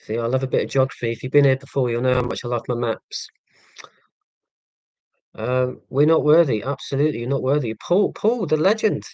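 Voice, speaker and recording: Chatting loosely with his stream audience, an English man in his forties with a Hampshire accent sounds hesitant, sarcastic and self-deprecating, full of ums and restarts. His mid-range voice is a little mellow, with fairly even intonation, a brisk pace and frequent pauses. The recording is dry and of poor quality.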